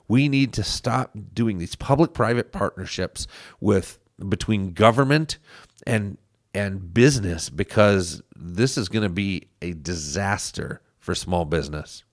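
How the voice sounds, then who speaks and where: A man's voice: fairly low pitch, measured pace, no room sound, clean studio sound. A man hosting a political podcast, speaking earnestly as he urges listeners to get involved. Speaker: podcast host. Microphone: studio microphone.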